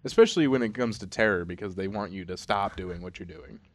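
Laid-back young man, low voice. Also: fast, dry recording. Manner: laid-back, rambling, lots of fillers. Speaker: podcast co-host. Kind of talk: casual chat.

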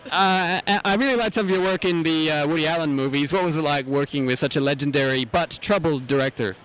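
An Australian roving interviewer, his voice a little high, quick and slightly bright with a clean tone, hosts comedic vox-pop interviews at an outdoor convention. He asks ridiculous questions in a mock-serious way, and the recording is rough.

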